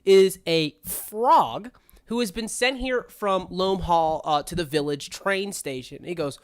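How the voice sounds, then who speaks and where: A man's voice: high voice, takes it slowly. A man narrating as game master of a tabletop game, rambling with many restarts. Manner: rambling, lots of fillers and restarts.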